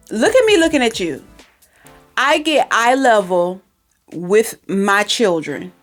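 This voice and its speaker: A woman hosting a podcast, giving casual, direct parenting advice and repeating herself for emphasis. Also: mid-range voice. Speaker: podcast host. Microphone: recorded for podcast and video, facing camera.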